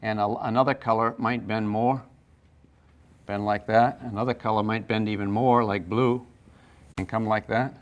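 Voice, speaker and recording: An older man teaching a physics class, lively and playful, with sound effects and acted asides. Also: lowish voice, moderate pace, muffled recording. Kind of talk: classroom lecture at a whiteboard.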